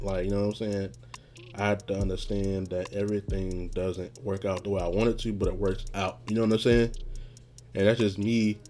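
A man hosting a podcast, telling stories in a casual, rambling monologue, often laughing and getting loud and animated when retelling something that angered him. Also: fairly low pitch. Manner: rambling, laughs often, frequent "you know what I'm saying".

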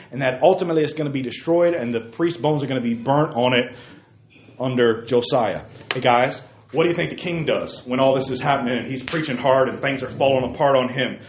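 A man teaching a Bible study to a group in an animated, emphatic way, heard in a roomy, dull lo-fi recording. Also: medium pitch, fairly quick, slight background noise.

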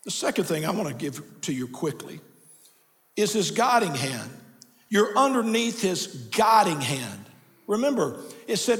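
Pastor preaching in a reverberant sanctuary. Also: male voice, sits high, big pitch swings, a little slow. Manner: builds from quiet storytelling to shouted preaching. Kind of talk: sermon. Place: church sanctuary.

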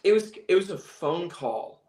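Young man, musician guest, lively laughing storyteller, fairly high voice, roomy echo. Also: unhurried. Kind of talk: casual interview storytelling. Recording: echoey room.

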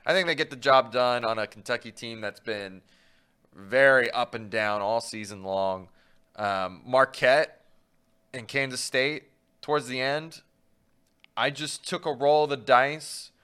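A man's voice: medium pitch, unhurried, bright, forceful tone, smooth. A man co-hosting a sports talk show, easygoing and a little hesitant.

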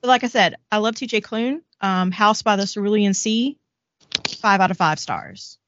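A woman's voice: medium pitch, moderate pace, fairly bright tone, no room sound, dull audio. A woman co-hosting a podcast, frankly chatting about books she has read. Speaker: podcast co-host. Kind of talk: casual book chat.

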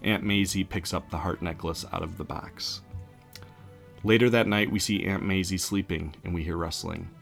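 A man casually retelling a spooky story in an animated way. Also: sits low, moderate pace, creaky, faint music behind. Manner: casual, animated, laughs along.

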